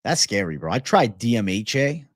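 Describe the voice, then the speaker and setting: A man's voice: lowish voice, sing-song, moderate pace, dry recording, clean studio sound. Profane young man chatting on a livestream. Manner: profane, loose, repeats "bro" constantly; reads chat comments aloud and replies. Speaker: livestream host. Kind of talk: casual livestream chat with viewers.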